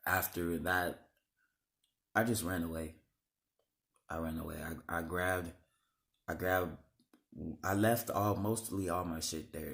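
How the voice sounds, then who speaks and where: Low-voiced guy in his 30s rambling through his life story, lots of restarts and cussing. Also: gravelly, fairly bright tone. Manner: halting, rambling, many restarts and fillers, frank swearing. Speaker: vlogger. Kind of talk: personal life story told to camera.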